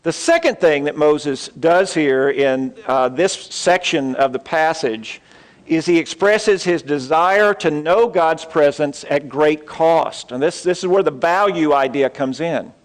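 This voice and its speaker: A man's voice: on the high side, animated. Man preaching in a hall. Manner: storytelling with pauses and asides to the audience. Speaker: pastor. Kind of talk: sermon. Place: campus church auditorium.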